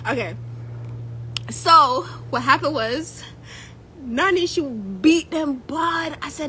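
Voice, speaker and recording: A woman's voice: high voice, normal speed, a little hiss or hum, rough recording. A young woman with a Jamaican accent, a spiritual coach telling history to her viewers in a casual, jokey way and slipping into patois. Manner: jokey and animated, laughs often, slips into patois. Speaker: spiritual coach and YouTube host.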